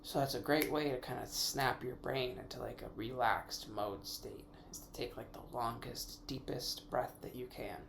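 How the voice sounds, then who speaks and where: Gravelly man rambling through a podcast. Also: mid-range voice, fairly even intonation, moderate pace, few pauses, background noise. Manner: rambling, self-correcting, thinking aloud; casual with mild swearing. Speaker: podcast host. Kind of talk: casual solo podcast musing.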